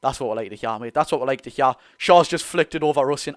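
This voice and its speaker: A young man with a Geordie accent hosting a live football watch-along, chatty and excitable, bursting into loud reactions. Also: mid-range voice, quick pace. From North East England. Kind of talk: live fan commentary.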